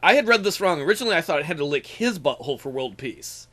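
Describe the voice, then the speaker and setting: A man with a bright, forceful, slightly high voice co-hosts a casual gaming podcast. He jokes around, reads listener questions aloud and swears in put-on anger. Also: big pitch swings, fast talker. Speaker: podcast co-host.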